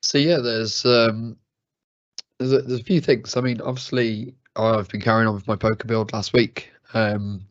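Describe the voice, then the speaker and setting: A man with a croaky, unwell voice co-hosting a live stream, explaining things hesitantly with many fillers. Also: on the low side, level tone, normal speed, dry recording. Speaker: co-host of a live training stream. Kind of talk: casual live-stream chat. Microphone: studio mic on a video call. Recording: slightly dull lo-fi stream audio.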